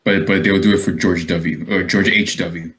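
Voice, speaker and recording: Male podcast co-host, lowish voice, reactive and chuckling. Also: steady tone, normal speed, fairly bright tone. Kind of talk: casual chat.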